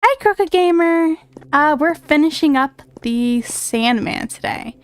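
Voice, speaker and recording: A woman's voice: sits high, animated, slow pace, no echo. A woman streaming a video game, talking in chatty, rambling casual commentary full of fillers.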